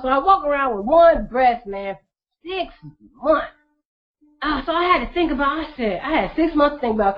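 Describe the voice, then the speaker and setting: A woman telling her story casually to her viewers, blunt and profane, laughing often. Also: high-pitched. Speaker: vlogger. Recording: dull lo-fi recording.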